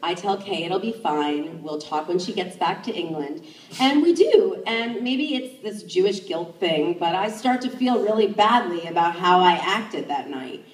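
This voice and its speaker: Animated woman telling a story, roomy. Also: unhurried. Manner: animated, acts out her own inner thoughts in jumps of pitch. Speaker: sex educator. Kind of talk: live first-person storytelling. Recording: roomy, distant stage mic.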